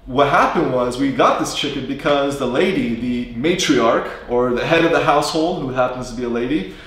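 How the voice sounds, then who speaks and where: A man's voice: medium pitch, moderate pace, fairly bright tone. American man telling a story, echoey. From United States. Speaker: English teacher, live stream co-host. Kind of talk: casual live-stream chat and storytelling. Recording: very echoey room.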